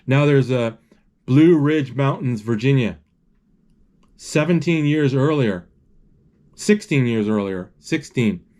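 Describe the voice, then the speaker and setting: A man with a mid-range, slightly mellow voice and lively intonation narrates a film live as he watches it. He halts often, searching for words, restarting sentences and filling gaps with fillers.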